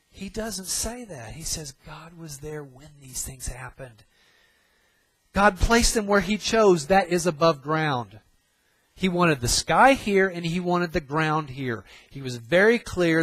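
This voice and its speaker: A man's voice: high-pitched, expressive, unhurried, fairly bright tone, slightly rough, dry recording, poor audio. A middle-aged man preaching a sermon, emphatic and repeating phrases for stress.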